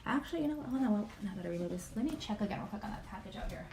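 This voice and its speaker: Over a very noisy recording, a woman with a mid-range voice and vocal fry speaks very fast with lively intonation. She hosts a casual YouTube livestream at home, reading a list of names and repeatedly apologizing for mangling them.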